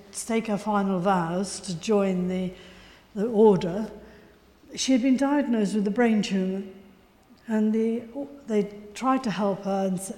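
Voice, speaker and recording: Loud woman preaching in echoey hall. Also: medium pitch. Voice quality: loud, carrying voice. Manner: earnest storytelling, urgent exhortation. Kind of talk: testimony sermon. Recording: echoey hall, long reverb.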